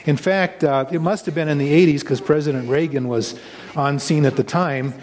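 A man's voice: on the high side, steady tone, normal speed, a little mellow. A male pastor giving a chatty, conversational sermon, asking his listeners questions as he goes. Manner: chatty, folksy, asks the congregation questions. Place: church. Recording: long reverb from a church hall.

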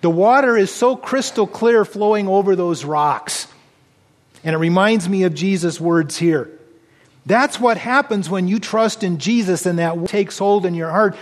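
A man with a notably high voice preaches a sermon. He reads scripture aloud and explains it with earnest conviction. His voice rings out with a long reverb, as if in a large hall. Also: measured pace. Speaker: pastor.

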